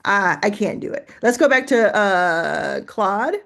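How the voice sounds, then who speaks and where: Woman, host, casual tutorial, chatty, talks to herself, mid pitch. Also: lively intonation, takes it slowly, vocal fry, a bit bright. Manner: chatty, laughs and talks to herself while typing. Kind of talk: casual screen-share tutorial.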